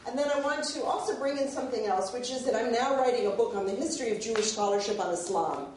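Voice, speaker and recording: A woman's voice: fairly high pitch, fast talker, slight background noise. Woman lecturing in an echoey hall. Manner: animated, laughs while reading a favorite passage. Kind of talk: academic lecture. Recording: echoey hall, mic at a distance.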